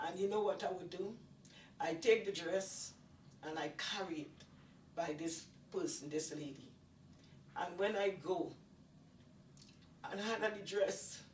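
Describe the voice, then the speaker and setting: A woman's voice: lowish voice, darkish tone, far from the mic. An older woman tells a personal testimony in an earnest, repetitive, emphatic way. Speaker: testimony speaker. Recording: echoey room, voice off-mic, faint noise.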